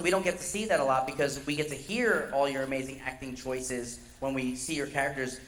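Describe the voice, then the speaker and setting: A woman's voice: low-pitched, fairly bright tone, echoey room, rough recording. A woman hosting a casual panel chat, talking conversationally and leading the questions. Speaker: panel host.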